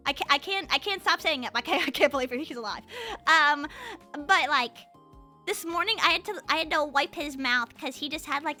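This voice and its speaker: A young woman chats away on a livestream, her voice high and very bright, leaping up and down in pitch. She rambles freely, full of "like" and stumbling restarts, over faint music in the background. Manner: rambling, frequent fillers and repeated restarts. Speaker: streamer. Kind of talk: casual livestream chat.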